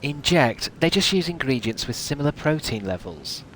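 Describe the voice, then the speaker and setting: A man's voice: a little high, sing-song, normal speed, fairly bright tone, slight background noise. A man streaming a game, musing aloud in casual, rambling chat with many restarts.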